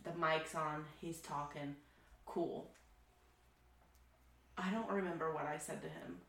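A woman's voice: low-pitched, steady tone, unhurried, fairly bright tone. A woman co-hosting a casual chat podcast, telling stories in a loose, swearing, laughing manner. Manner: storytelling, swearing freely, laughing. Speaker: podcast co-host. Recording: roomy echo.

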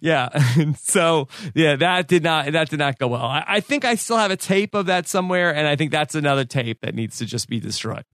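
A man's voice: on the high side, animated, fairly quick, fairly bright tone, dry recording, clean studio sound. A man on a podcast, casually telling a story with many fillers and restarts. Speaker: podcast co-host. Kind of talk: casual chat recounting a story.

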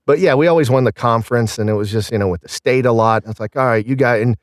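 A man's voice: mid-range voice, fast talker, dry recording, clean studio sound. A middle-aged man from Southern Illinois with a Southern Illinois accent, rambling casually with many fillers as a guest. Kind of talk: casual conversation.

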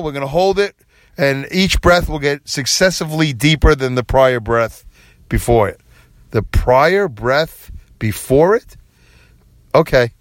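A man's voice: mid-range voice, no echo. A man in his forties hosting a podcast, rambling alone with self-deprecating humor and frequent chuckles. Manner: self-deprecating, chuckles often, animated when quoting himself. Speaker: podcast host. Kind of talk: rambling solo podcast monologue.

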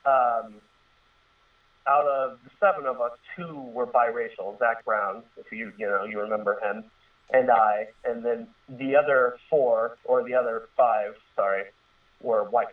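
Speaking a little slowly in a mid-range voice with fairly even intonation, a man in his thirties rambles earnestly through a personal story full of fillers and restarts. He is a guest, heard over a thin, distant phone-line radio sound.

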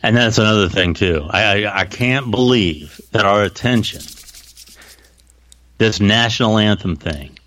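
A man's voice: lowish voice, unhurried, a bit bright, dry recording. A man co-hosting a casual podcast chat, mostly agreeing with short replies. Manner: agreeable, brief backchannel replies. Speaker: podcast co-host.

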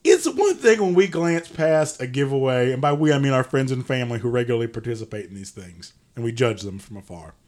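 A young man co-hosting a comedic podcast, animated and mock-incredulous, who swears and laughs mid-sentence. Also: mid-range voice, brisk, hardly any pauses. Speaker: podcast co-host.

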